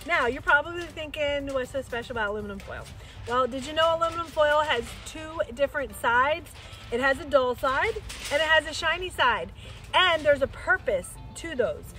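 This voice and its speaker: A middle-aged woman with a bright, high voice walks through a campfire cooking demonstration at a campground. She talks in a cheerful, chatty way, explaining each step as she goes. Faint music plays softly beneath her. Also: expressive, moderate pace. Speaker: campground host. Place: outdoor campground by a fire pit.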